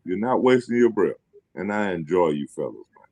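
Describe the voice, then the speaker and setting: A man with a very deep, low voice talks in a loose, profane ramble, circling back on himself and breaking into laughs. The sound is dry and close, with no room around it. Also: animated, moderate pace, dark tone, dry recording. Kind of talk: casual rambling chat.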